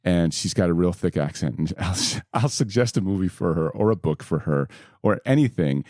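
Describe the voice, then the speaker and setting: A man from Puerto Rico hosts a comic-book podcast, telling jokey family stories. His low voice swings widely in pitch, and the sound is dry and close. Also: normal speed, no echo. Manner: animated storyteller, jokey. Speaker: podcast host. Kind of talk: casual chat.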